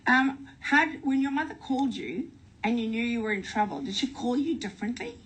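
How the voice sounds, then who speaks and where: A woman's voice: on the high side, expressive, a bit bright, slight background noise. A middle-aged woman hosting a morning radio show, chatting playfully with two guests in the studio. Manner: chatty, playful, quick asides. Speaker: radio host. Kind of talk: radio interview chat.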